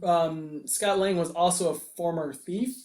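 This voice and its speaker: A man's voice: on the high side, fairly even intonation, measured pace, darkish tone. A man hosting a casual comic-book podcast, making dry, wry jokes. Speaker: podcast host. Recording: roomy echo.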